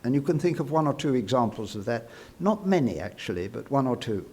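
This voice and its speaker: A man giving a prepared speech into a microphone at a university congress, measured and reflective, with frequent "uh" fillers. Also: mid-range voice, very animated, darkish tone, slightly rough. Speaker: award-winning speaker at an academic congress. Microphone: speaking into a podium microphone.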